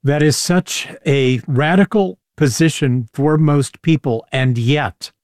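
A man hosting a podcast, asking thoughtful questions and narrating in a measured way. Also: a little high, darkish tone. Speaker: podcast host. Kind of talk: interview and scripted narration.

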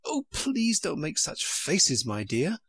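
Man doing a curious young girl, soft, gentle, slightly raised, storybook. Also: on the high side, huge pitch swings, a little slow, slightly rough, no echo, pitched above the performer's own voice, exaggerated voice.

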